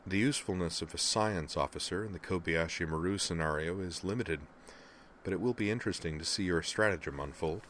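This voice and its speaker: A man's voice: low voice, brisk, a bit bright, slight background noise. A man voicing a formal, precise male science cadet. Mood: dry.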